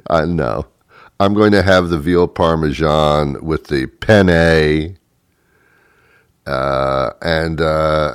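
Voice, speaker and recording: A man's voice: very deep voice, clear, resonant tone, no echo, clean studio sound. A middle-aged man telling a rambling, sarcastic comic story about himself. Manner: sarcastic, self-mocking, lively rambling. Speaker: comedic storyteller. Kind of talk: comedic monologue.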